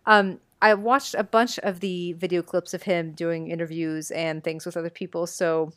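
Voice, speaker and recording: A woman's voice: on the low side, fairly even intonation, normal speed, fairly bright tone, no echo, clean studio sound. A young woman co-hosting a casual podcast, laughing often and swearing freely. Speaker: podcast co-host. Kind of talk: casual chat.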